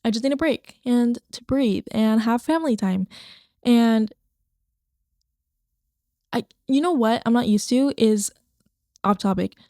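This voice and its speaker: Young woman rambling on her podcast, mellow tone, dry close sound. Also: a little high, a little slow, long pauses, dry recording. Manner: rambling, chatty, swears casually. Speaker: podcast host. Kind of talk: casual solo podcast chat. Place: home, recording to her computer screen. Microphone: podcast microphone.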